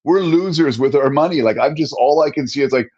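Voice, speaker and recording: Animated self-mocking man, slightly dull audio. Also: fairly high pitch, brisk. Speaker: podcast co-host. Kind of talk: casual podcast conversation.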